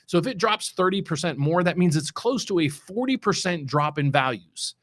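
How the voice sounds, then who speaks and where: A man's voice: fairly high pitch, animated, normal speed, a bit bright. A middle-aged man from West Virginia, a mortgage loan officer hosting his show, talking in a loose, rambling way with many restarts and heavy stress on key words. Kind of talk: casual unscripted market commentary.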